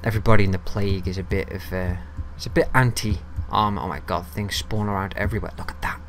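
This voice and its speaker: A man's voice: low voice, fast, few pauses. Young dude narrating his game, talks to the mobs, swears a lot, faint hiss behind. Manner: chatty, talks to viewers and mobs, swears freely; gets loud and excited when ambushed. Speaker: gaming video host. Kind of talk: casual let's-play commentary.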